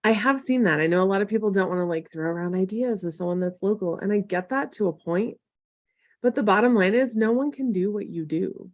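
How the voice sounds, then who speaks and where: A woman hosts a live coaching session and talks casually to her viewers. Her voice sits mid-range and comes across warm-hearted but blunt, encouraging one moment and tough-love the next. The sound is dry and close, with no room echo. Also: medium pitch, fairly quick. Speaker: marketing coach hosting a live Q&A.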